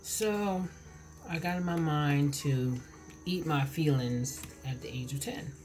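At home, a woman in her forties eats while vlogging on her camera mic, chatting in a rambling way and interrupting herself. Her voice is low, slow and a bit dark, with faint music in the background.

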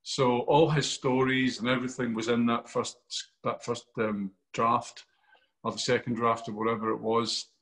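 A Glaswegian actor telling an animated interview anecdote, acting out quotes and swearing freely. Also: male voice, medium pitch, normal speed. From Scotland.

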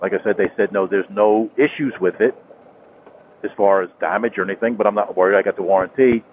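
A man's voice: fairly low pitch, fairly even intonation, quick pace. Rambling man riding a motorcycle. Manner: rambling, repeats himself, many fillers and restarts. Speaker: motorcycle vlogger. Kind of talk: casual talk while riding. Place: on a motorcycle on a rural highway. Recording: tinny phone-like helmet mic with road noise.

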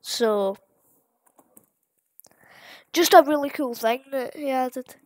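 A woman's voice: high voice, takes it slowly, darkish tone, dry recording. A woman giving casual gameplay commentary, rambling along with plenty of fillers and restarts. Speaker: gamer.

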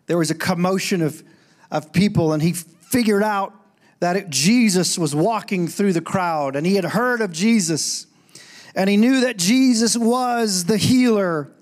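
A middle-aged man preaching a sermon in a church, animated, breaking into loud calls when he quotes. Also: sits high, unhurried. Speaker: pastor. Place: church sanctuary.

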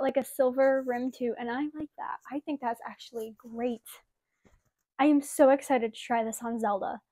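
A young woman with a bright, high voice chats through a casual home unboxing. She gushes with excitement, sounds a little out of breath, and leans on "like" and "oh my gosh" as she talks into a wireless mic. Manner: gushing, excitable, many "like" and "oh my gosh". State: slightly out of breath. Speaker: vlogger.

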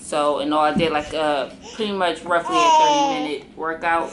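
A woman's voice: low-pitched, moderate pace. Tired woman rambling to her camera. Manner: relaxed, rambling, full of ums and likes. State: tired and low on energy. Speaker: fitness vlogger and mother. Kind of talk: casual chat to camera. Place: at home.

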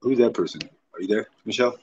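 A man's voice: fairly low pitch, fast, darkish tone, muffled recording, slight background noise. A man hosting a casual livestream chat, teasing his guest with prodding questions. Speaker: livestream host.

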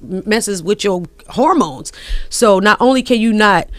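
A woman guest on a studio microphone, telling her story in excitable, profane bursts. Her voice sits mid-height and the room around her is dry and close. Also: medium pitch, measured pace, dry recording. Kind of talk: animated storytelling on a radio show. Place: radio studio.

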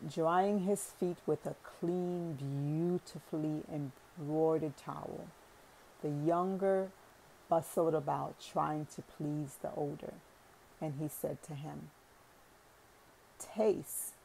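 A woman narrating a parable audiobook in a calm, deliberate reading. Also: low-pitched, gravelly, a little hiss or hum, rough recording. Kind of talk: scripted narration.

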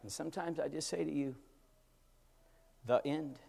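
Older guy pastor preaching, tells stories, goes soft then yells, kinda high voice, long church-hall echo. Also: moderate pace, gravelly, breathy edge. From California. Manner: storytelling preacher, swings from quiet to shouting. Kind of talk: sermon. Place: church sanctuary.

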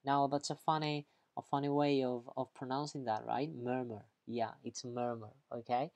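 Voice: mid-range voice, level tone, normal speed, a little mellow. Upbeat teacher. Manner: upbeat, chatty, keeps checking in with "okay?"; playful, acts out examples, laughs at own jokes. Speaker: English teacher. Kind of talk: online grammar lesson, explaining vocabulary.

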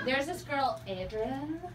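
A woman's voice: high-pitched, distant mic, noisy background. A young woman hosting a stand-up comedy show, chatty and self-mocking, telling her jokes from a club stage. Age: young adult.

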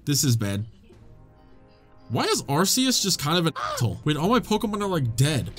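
Young male gamer, lively let's play commentary, rather high voice, swears and yelps, faint music under. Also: normal speed. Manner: excitable, swears, laughs, voice jumps high when tense. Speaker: gaming YouTuber.

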